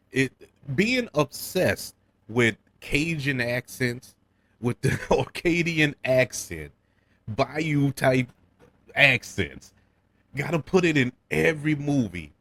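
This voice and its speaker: A man from New Orleans with a local accent, giving a casual film review on his podcast, chuckling and stumbling over repeated words. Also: mid-range voice. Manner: animated, repeats words when restarting, chuckles often.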